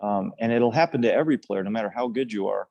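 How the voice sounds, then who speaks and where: Older man telling a story, low and dry. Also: quick pace, vocal fry, a little mellow, no echo. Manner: rambling, frequent restarts and fillers, earnest. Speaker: podcast guest, former national team player. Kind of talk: casual storytelling interview.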